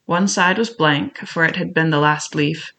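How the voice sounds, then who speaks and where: Bright-toned male storyteller. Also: on the high side, fairly even intonation, gravelly. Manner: measured, reflective first-person telling. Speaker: audiobook narrator. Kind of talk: storytelling narration of a classic novel.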